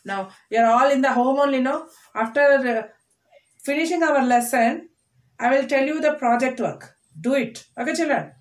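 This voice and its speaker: A woman teaching a class to children. She speaks slowly and deliberately, repeating each word and breaking it into syllables. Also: sits high. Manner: slow, deliberate, repeats words and spells them out in syllables. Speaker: English teacher. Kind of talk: online classroom lesson. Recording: echoey room.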